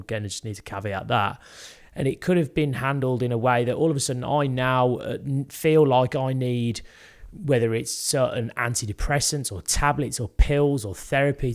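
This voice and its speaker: A man's voice: mid-range voice, darkish tone. Young man, British accent, mid-range voice, earnest, candid, casual podcast chat. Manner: earnest, candid personal storytelling. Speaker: podcast co-host.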